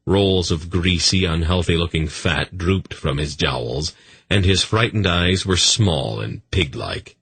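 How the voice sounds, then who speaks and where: Low, husky male audiobook narrator. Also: fairly bright tone, dry recording. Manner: measured storytelling.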